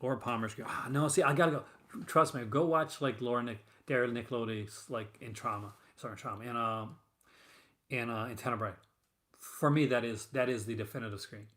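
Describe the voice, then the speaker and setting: Man, casual stream host, rambling, lots of fillers, average pitch. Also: fairly even intonation, a little fast, fairly bright tone. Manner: rambling, full of fillers and restarts. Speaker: host of a horror film collecting show. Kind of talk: casual live-stream chat.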